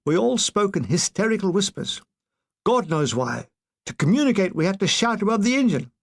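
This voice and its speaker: A man reads a comic war memoir with dry, deadpan timing. His voice sits a little high for a man. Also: moderate pace, creaky. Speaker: audiobook reader.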